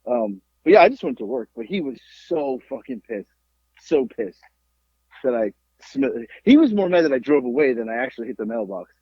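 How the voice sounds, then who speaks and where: A man from Florida, a podcast host, telling a profane story in a lively, repetitive way. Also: medium pitch, normal speed, husky, dry recording, lo-fi sound. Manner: animated, profane, repeats himself. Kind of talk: casual storytelling chat.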